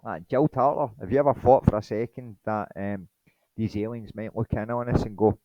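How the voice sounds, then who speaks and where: A man's voice: fairly low pitch, normal speed, warm tone, dry recording, dull audio. A man giving a rambling, indignant monologue presentation that dismisses his critics.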